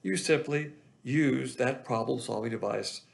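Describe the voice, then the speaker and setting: A man, teaching the Bible in a measured sermon and often repeating his phrases. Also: mid-range voice, creaky. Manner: measured, repetitive teaching delivery.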